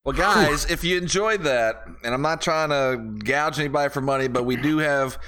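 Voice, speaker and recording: A man's voice: on the high side, normal speed, sharp tone. A man hosting a podcast, joking and rambling in casual chat. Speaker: podcast host.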